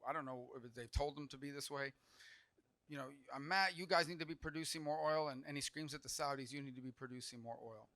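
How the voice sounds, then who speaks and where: Bright, dry-voiced man giving a jokey campaign speech. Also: on the high side, no room sound. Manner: jokey, conversational, acts out quoted people. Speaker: political speaker. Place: event hall.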